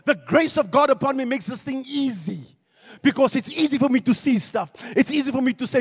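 High-voiced preacher in an echoey hall. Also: male voice, moderate pace, slightly rough. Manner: animated preaching, acts out quoted voices, repeats words. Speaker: pastor. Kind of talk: sermon.

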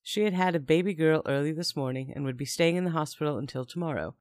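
A woman's voice: sits low, quick pace, a little mellow, dry recording, clean studio sound. Wry young woman telling a story. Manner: chatty, wry asides. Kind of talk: first-person story narration.

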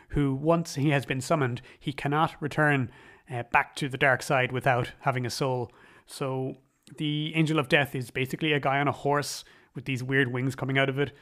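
A man's voice: mid-range voice, a bit bright. A man casually recapping and reviewing an old horror film, enthusiastic and rambling, often acting out quoted dialogue.

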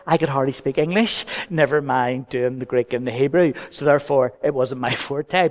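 A man, a pastor preaching a sermon in church with gentle humour and personal stories. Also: medium pitch. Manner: anecdotal, gently humorous preaching.

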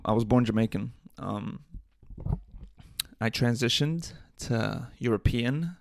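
A man's voice: medium pitch, creaky, no echo, studio quality. A young man hosting his own podcast, rambling and joking irreverently with lots of swearing and laughter. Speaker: podcast host. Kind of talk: casual solo podcast rant.

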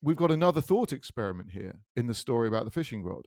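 A man's voice: mid-range voice, very animated, quick pace, a little mellow, no echo, studio quality. A British man co-hosting a comedy podcast, teasing his co-host in a wry, mock-pompous way during casual chat. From United Kingdom.

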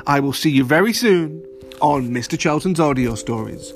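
A man narrating a children's story, animated and playful, speaking straight to young listeners. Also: fairly high pitch, a little slow, soft background music.

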